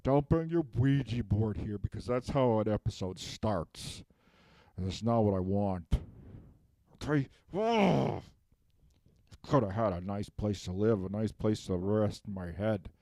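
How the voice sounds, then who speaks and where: A man's voice: on the low side, animated, unhurried, warm tone, no room sound. A man playing a petty, aggrieved villain who has just been unmasked, rambling and whiny and tagging "okay?" onto everything in a comedic self-tape monologue.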